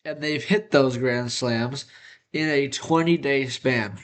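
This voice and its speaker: A man's voice: mid-range voice, slow. Upbeat young man with a congested nose. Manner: upbeat and energetic. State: congested, nasal. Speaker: host. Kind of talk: casual sports talk.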